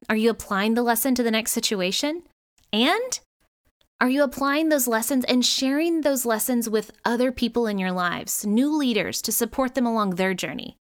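Middle-aged woman, podcast host, earnest and encouraging, higher pitched, smooth and dry. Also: no room sound. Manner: earnest, encouraging, with frequent light laughs. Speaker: podcast host and leadership coach. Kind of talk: podcast monologue.

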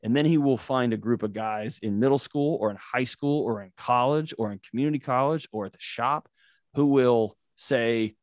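A man's voice: medium pitch, normal speed, no room sound, clean studio sound. A man, a mental health expert, earnestly explaining ideas through vivid everyday stories as a podcast guest. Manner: earnest, storytelling, vivid examples. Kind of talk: interview answer, explaining.

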